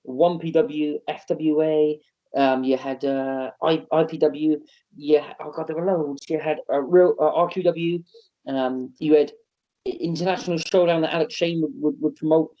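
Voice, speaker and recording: Animated man telling stories on a podcast. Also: fairly high pitch, normal speed. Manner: animated storyteller, acts out quotes in a raised voice. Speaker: wrestling promoter and guest. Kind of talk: casual interview storytelling. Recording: dull lo-fi podcast audio.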